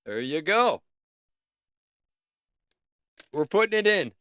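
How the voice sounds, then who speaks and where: A man's voice: mid-range voice, lively intonation, moderate pace, a bit bright, no echo. A man hosting a casual art livestream, rambling and easily sidetracked, breaking off to sing bits of songs. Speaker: livestream host.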